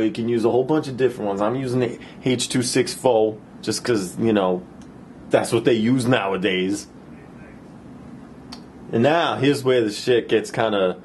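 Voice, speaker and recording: A man giving a casual software tutorial at his computer. He talks in a profane, rambling way and keeps asking "right?". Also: medium pitch, slight background noise. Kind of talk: casual screen-recorded tutorial with rambling story.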